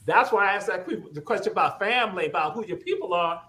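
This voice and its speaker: A man's voice: sits high, expressive, quick pace, sharp tone, echoey room. A man with a Gullah Geechee Southern accent hosting a talk show, lecturing in a rousing, preacher-like way and driving points home with repeated calls of "guess what.". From Southern United States, Gullah Geechee. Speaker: host.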